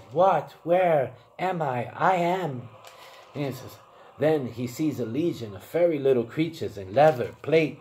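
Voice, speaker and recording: A man's voice: mid-range voice, warm tone. A man narrating his own improvised fan role-play story as channel host, rambling and correcting himself as he goes.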